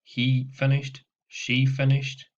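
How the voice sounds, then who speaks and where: A man's voice: medium pitch, monotone, slow pace. A man teaching French, patiently walking students through exercises over a slightly dull laptop recording. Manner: explains patiently with frequent "okay" and repetitions. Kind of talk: recorded classroom lesson walkthrough. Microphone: laptop microphone.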